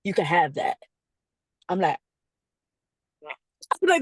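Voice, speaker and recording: A woman being interviewed, telling a story in a casual, animated way, acting out quotes and laughing often. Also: medium pitch, unhurried, no echo. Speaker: guest artist.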